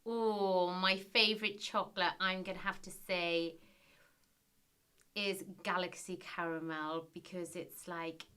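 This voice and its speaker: A woman in a casual interview, telling her stories with animated delivery and acting out what people said. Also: on the low side, slow, smooth. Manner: animated storyteller, acts out quotes. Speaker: guest, former reality TV business contestant.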